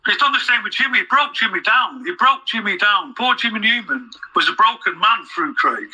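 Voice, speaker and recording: A man's voice: high-pitched, lively intonation, a little fast, sharp tone, slight background noise, poor audio. A man gossiping scornfully about another online figure in casual chat.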